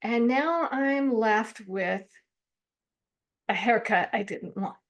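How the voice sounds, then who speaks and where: Chatty woman counselor, slightly high voice. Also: slow, dull audio. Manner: chatty, laughs often, acts out her own complaints. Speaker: counselor teaching self-help skills. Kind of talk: informal teaching monologue.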